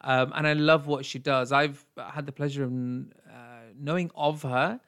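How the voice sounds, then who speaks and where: A man's voice: a little high, fairly even intonation, unhurried, fairly bright tone. A man co-hosting a casual podcast chat, earnest and blunt, with some swearing.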